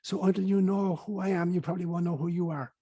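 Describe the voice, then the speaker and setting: A man voicing an earnest, gentle male spiritual teacher in a storytelling aside. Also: high-pitched, fairly even intonation, fast talker, breathy edge.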